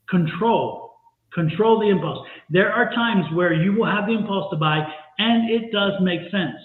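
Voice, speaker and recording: A man giving tarot readings on a live stream, stressing points by repeating phrases. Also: on the high side. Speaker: tarot reader. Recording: echoey phone-like live-stream audio.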